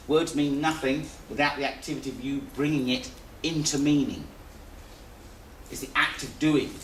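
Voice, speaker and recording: A man's voice: on the high side, fairly bright tone, distant mic. A man teaches a live seminar, talking in a loose, conversational way and restating his points. He is recorded from across an echoey room. A faint hiss sits under his voice. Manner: repetitive, conversational, restarts phrases.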